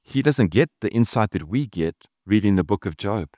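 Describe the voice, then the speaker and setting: Pastor, male, lowish voice, dry close sound, earnest and chatty preaching style. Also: expressive, normal speed, darkish tone, dry recording. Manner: conversational, earnest, with casual asides. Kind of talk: sermon.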